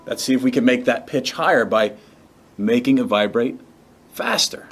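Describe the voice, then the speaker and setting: A man's voice: mid-range voice, normal speed, a bit bright, faint music behind. A man hosting a science demonstration show, explaining step by step with enthusiasm. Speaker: science demo host. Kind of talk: upbeat educational demonstration.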